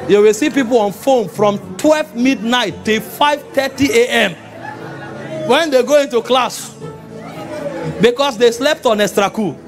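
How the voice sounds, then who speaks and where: Crowd noise and faint soft music accompany a Nigerian man preaching at a measured pace in a church meeting. His voice is unusually high for a man, and his lively, animated sermon often swells into shouts.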